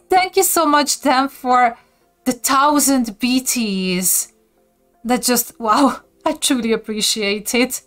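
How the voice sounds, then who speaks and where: A woman's voice: on the high side, fairly bright tone. A woman with a Hungarian accent, casually chatting on a live stream as she teaches viewers basic words and often giggles. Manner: giggly, reads and answers chat. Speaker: livestreamer teaching language basics.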